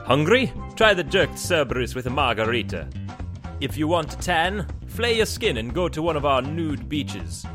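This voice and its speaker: A man playing the Grim Reaper turns cheerful salesman, pushing a holiday in a put-on Jamaican accent. The pitch bounces high and lively like a mock radio spot. A faint bed of music sits underneath. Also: normal speed. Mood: salesy cheerful.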